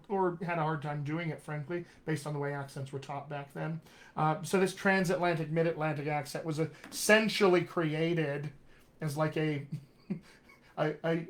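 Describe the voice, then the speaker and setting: A dialect coach, a man, talks through a live-streamed accent lesson in a loose, conversational way. He is emphatic and openly opinionated, and his voice sits a little higher than most men's.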